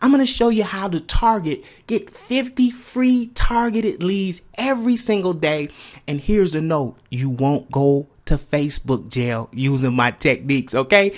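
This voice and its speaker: An excited man with a high, eager voice pitches his marketing course straight to camera. He talks in bursts of enthusiasm and keeps calling out to his audience as ladies and gentlemen. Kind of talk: sales pitch video.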